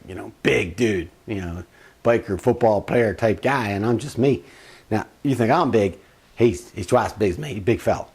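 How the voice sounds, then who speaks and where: A man telling a personal family story in a casual, rambling way, acting out the quotes as he goes. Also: mid-range voice. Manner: animated, rambling, acts out quotes.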